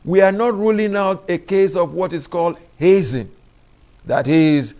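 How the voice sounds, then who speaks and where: A middle-aged man, hosting an opinion monologue addressed to parents in an emphatic, preachy way that climbs in pitch on his key points. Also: normal speed, a little mellow. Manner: preachy, emphatic, rises sharply when stressing points. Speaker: commentary show host.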